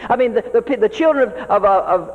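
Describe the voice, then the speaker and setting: Brisk and lively in intonation, with a voice that sits high, this pastor gives a sermon to fellow ministers. His manner is earnest and folksy, with frequent repetition of words as he builds each point. The recording has a dull sound and long hall reverb.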